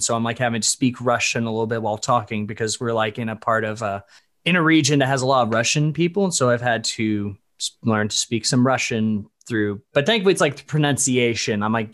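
A man's voice: mid-range voice, fairly bright tone. A man from the Dallas-Fort Worth area, a voice actor guest in a casual podcast interview, rambling and correcting himself as he goes. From Dallas-Fort Worth area, USA. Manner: rambling, stop-start, self-correcting, laughs often.

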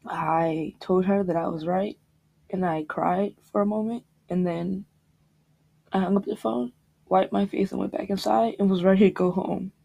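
A young woman on a podcast telling a personal story about grief, halting and reflective, with pauses and restarts. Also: mid-range voice, fairly even intonation, vocal fry, dark tone. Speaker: podcast guest.

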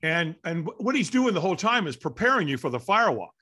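A middle-aged man telling a story as an interview guest, lively and acting out the voices of people in it. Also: on the high side, fast. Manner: animated, acts out voices in his story. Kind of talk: storytelling in conversation.

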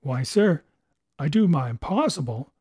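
A man putting on a rough, wheedling old sea cook. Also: a little high, big pitch swings, a little slow, darkish tone, no room sound, studio quality, exaggerated voice. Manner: rough sailor's grammar, pleading.

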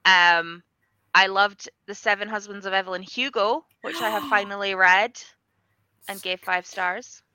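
A woman's voice: medium pitch, fairly even intonation, moderate pace, pushed and bright, clear, resonant tone, no echo, rough recording. A woman chatting as a podcast guest, casual and chatty, swearing now and then, heard over video call audio. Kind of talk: casual chat.

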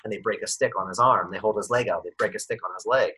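A man talking as a podcast guest, animated, acting out little scenes with sudden bursts. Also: lowish voice, fast, breathy edge, poor audio. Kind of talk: podcast conversation.

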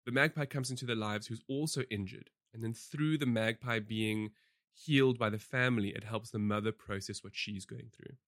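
A man co-hosting a podcast, reviewing films and shows in a casual, animated way, with lots of fillers and restarts. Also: on the low side, normal speed, no echo, studio quality.

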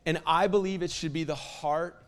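High-voiced impassioned preacher. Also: male voice, steady tone, normal speed, smooth. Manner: impassioned, builds to loud prophetic declarations with fillers like "like". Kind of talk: sermon.

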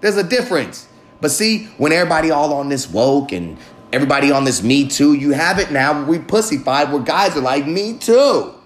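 A man hosting his own podcast, talking in a profane, rambling casual monologue that swings between loud bursts and low mutters. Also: lively intonation, a little fast, roomy sound. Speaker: podcast host.

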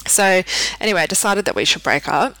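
A woman's voice: fairly low pitch, lively intonation, brisk, sharp tone, no echo, poor audio. A woman, hosting a podcast and candidly telling her own story, often restarting her sentences. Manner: candid, frequent restarts and fillers. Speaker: podcast host. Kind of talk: personal storytelling.

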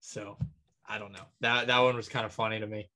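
A man's voice: on the low side, level tone, a little fast, sharp tone. A man co-hosting a podcast, casually rambling through a list with frequent ums and light chuckles. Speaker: podcast co-host. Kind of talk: casual chat.

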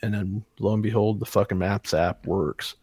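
Podcast co-host, male, lowish voice, dry close sound, swears freely while recounting a story. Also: steady tone, moderate pace, darkish tone, slightly rough, no echo. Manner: profane, heated retelling. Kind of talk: casual storytelling chat.

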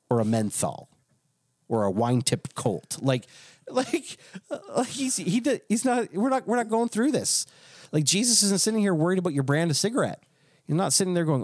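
A man's voice: medium pitch, darkish tone, no echo, studio quality. A man who is a pastor, telling a story in casual chat with restarts and frequent chuckles.

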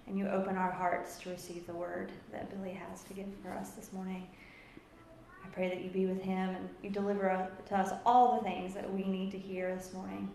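A woman at a middle pitch reads scripture and prays in an earnest, unhurried way. Her voice rings through an echoey room, with a faint hum underneath. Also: gravelly, darkish tone. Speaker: scripture reader and prayer leader. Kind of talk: scripture reading and prayer.

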